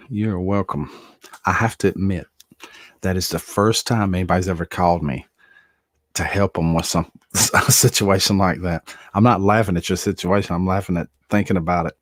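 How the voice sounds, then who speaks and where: A man's voice: low voice, dry recording, clean studio sound. A middle-aged man hosting a casual livestream, greeting viewers by name and chuckling often. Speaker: livestream host. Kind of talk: casual chat reading viewer comments.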